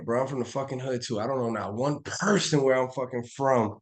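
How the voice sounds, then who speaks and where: A man on a live stream breaking down trading charts in a loose, slangy, profane and animated way. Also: medium pitch, brisk, hardly any pauses. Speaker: trading educator.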